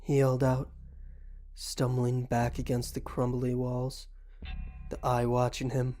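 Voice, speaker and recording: A man reading a horror story aloud in an even, scripted storytelling manner, with faint music behind. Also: medium pitch, unhurried.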